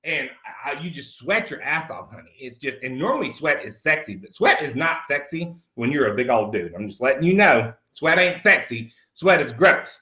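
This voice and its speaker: A man's voice: medium pitch, expressive, moderate pace, hardly any pauses, bright, forceful tone. A man playing a crude country dude. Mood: brash. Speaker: comedy character host. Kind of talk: improvised comic monologue. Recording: roomy echo.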